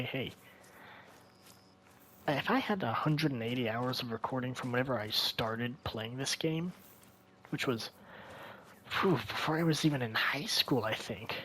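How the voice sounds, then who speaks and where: A young man narrates his gameplay in a loose, rambling way, thinking aloud and often sinking into a hushed tone. His voice is sharp and bright, with faint noise underneath. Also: mid-range voice, a little slow, long pauses. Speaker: gaming video creator. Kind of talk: casual gameplay commentary.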